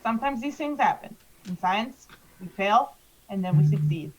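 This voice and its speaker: A woman's voice: medium pitch, expressive, normal speed, darkish tone, dull audio, voice pushed down, lightly acted. A woman voicing a bumbling scientist who apologizes and makes flustered excuses for a failed magic experiment.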